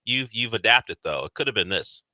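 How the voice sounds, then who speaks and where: A man co-hosting a radio show in casual studio banter, with quick, wry comebacks. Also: lowish voice, lively intonation, pushed and bright, dry recording. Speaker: radio co-host.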